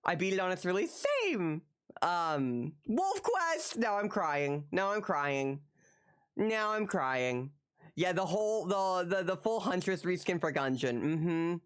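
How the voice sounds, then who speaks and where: A woman is live-streaming and chatting casually with her viewers, excitable and swearing a lot, repeating the same phrase over and over. Her voice is lowish and her pace slow.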